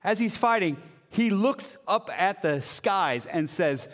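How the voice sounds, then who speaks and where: A man preaching a sermon as a pastor, conversational and animated, now and then dropping to a quiet voice. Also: high-pitched, slow pace, in a large hall.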